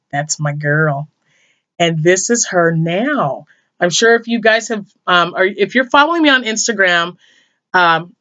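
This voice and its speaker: A woman's voice: mid-range voice, a bit bright, dry recording. An older woman, a grandmother, chatting emotionally to camera as a crochet vlogger and sometimes dropping to a whisper. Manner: emotional, chatty, drops to a whisper when moved. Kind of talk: casual chat to camera.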